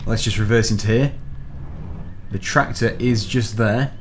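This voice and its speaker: A man's voice: lowish voice, steady tone, a little slow, a little hiss or hum. Chatty man narrating gameplay. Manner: chatty, explains controls step by step. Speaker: gaming video host. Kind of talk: casual gameplay commentary.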